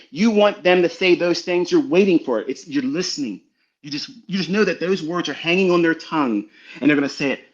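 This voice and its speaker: A middle-aged man giving a blunt, profane motivational lecture full of rhetorical questions, on a dull recording. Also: on the high side. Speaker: trading mentor. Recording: dull lo-fi sound.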